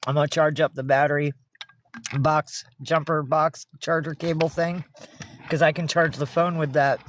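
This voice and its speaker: A woman's voice: low-pitched, fairly even intonation, moderate pace, a little hiss or hum. Cooing woman baby-talking to her cats. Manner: coaxing, cooing, sing-song praise. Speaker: cat owner filming herself. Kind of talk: baby talk to her cats in a recorded video.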